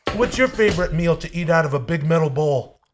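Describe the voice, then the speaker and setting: A man's voice: fairly high pitch, background noise, lightly acted. A man doing a mumbling boorish action star. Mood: deadpan. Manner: slow, mumbling, deadpan and boorish. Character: crude, oblivious middle-aged male martial-arts action star. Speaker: interviewer. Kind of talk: improvised comedy impression.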